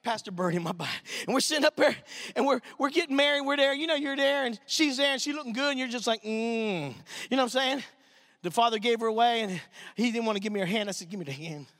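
Brief: middle-aged preacher man from Pittsburgh, high voice, animated storyteller, bright tone. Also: fast talker, no room sound, studio quality. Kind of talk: sermon.

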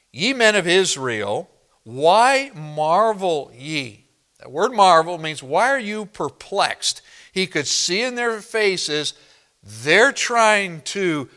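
Slow, bright-voiced man preaching emphatically. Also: fairly high pitch. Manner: emphatic, reads scripture slowly and deliberately; addresses congregation directly. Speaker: pastor. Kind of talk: expository sermon.

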